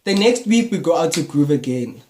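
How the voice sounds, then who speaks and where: Young South African guy, storytime vlogger, casual and animated, tosses in slang fillers. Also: on the high side, normal speed, slight background noise. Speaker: YouTuber. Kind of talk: storytime vlog.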